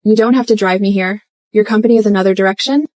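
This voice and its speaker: A woman's voice: mid-range voice, fast talker, a little mellow, dry recording, close to an everyday voice. An actress voicing a poised young woman who has just become a company chairwoman, speaking in a composed, firm way. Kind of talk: dubbed drama dialogue.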